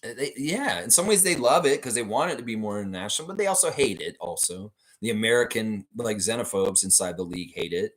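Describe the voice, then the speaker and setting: Lively man reading live chat aloud. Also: on the low side, fast, hardly any pauses. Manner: animated, playful, riffs on comments; repeats short phrases for emphasis. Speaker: fan show host reading live chat. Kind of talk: casual live-stream chat.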